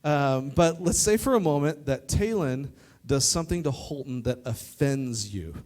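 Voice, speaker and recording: A man preaching a youth sermon to a live audience, lively and joking, talking straight to the crowd. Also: mid-range voice, normal speed. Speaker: youth pastor. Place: church youth service in front of an audience.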